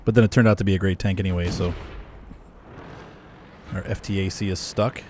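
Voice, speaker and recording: Man, low voice, casual game commentary, chuckles a lot, faint gunfire and engines behind. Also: fairly quick, a little hiss or hum. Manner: relaxed, chuckling often.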